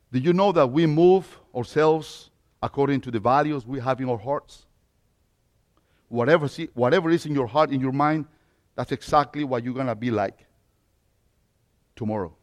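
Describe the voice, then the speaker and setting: A man in his fifties from Mexico, with a Mexican Spanish accent, preaching a sermon as pastor, moving from quiet reflection to loud emphatic points. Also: on the high side, a little slow, long pauses. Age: 50s.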